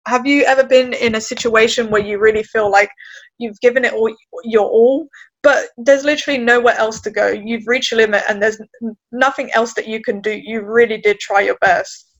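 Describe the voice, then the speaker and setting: Animated woman podcast co-host, muffled. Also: fairly high pitch. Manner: animated storytelling, asks her co-host questions. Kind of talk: casual podcast chat.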